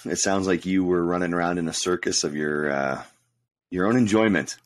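A man's voice: sits low, steady tone, normal speed, low-quality recording. A man in casual chat, wry and sarcastic, joking drily.

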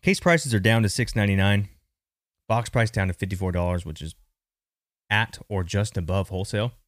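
A man's voice: fairly low pitch, a little fast, no room sound, clean studio sound. A man hosting a podcast, chatting casually and thinking aloud as he gives market commentary, often restarting his sentences. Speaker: podcast host.

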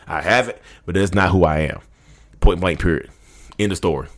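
A man's voice: deep voice, normal speed, a bit bright. A man in his thirties, a podcast host giving a rambling, fervent motivational rant that addresses listeners directly. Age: 30s.

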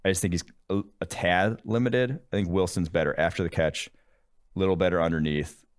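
A man with an extremely low, deep voice talks through his analysis in an easygoing, thinking-aloud way. The sound is dry and close, with no room around it. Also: fairly even intonation, fairly quick, smooth, dry recording. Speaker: podcast co-host, draft analyst. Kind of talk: casual sports chat.

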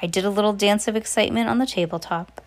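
A woman reads a children's novel aloud in plain narration, now and then stumbling and starting a phrase over. Her voice sits at an ordinary middle pitch. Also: fast talker. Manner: plain reading with occasional slips and restarts. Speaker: reader.

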